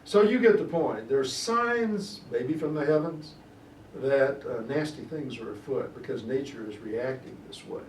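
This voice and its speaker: Animated male tutor in an echoey room. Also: mid-range voice, measured pace. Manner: animated reader, stretching key words, explaining in plain asides. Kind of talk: reading and explaining Shakespeare aloud. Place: classroom in a church tutoring program. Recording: echoey room, distant mic, faint noise.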